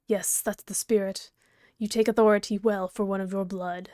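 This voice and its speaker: A woman's voice: medium pitch, steady tone, normal speed, a little mellow, no echo, studio quality, close to an everyday voice. A woman voicing a prim, snobbish and very strong male troll aristocrat, haughty and formal, reading a webcomic aloud. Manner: haughty, fussy, formal wording.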